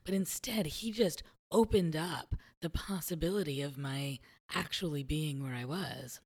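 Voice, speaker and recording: A woman with a notably low voice tells a personal story in an easygoing conversation. She is reflective and laughs readily as she talks. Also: measured pace, a little mellow, slightly rough. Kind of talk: conversational podcast chat.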